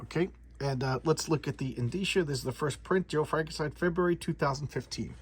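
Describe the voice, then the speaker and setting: A man's voice: on the high side, fairly quick, husky. A man doing a casual comic book showcase, rambling and often repeating and restarting words.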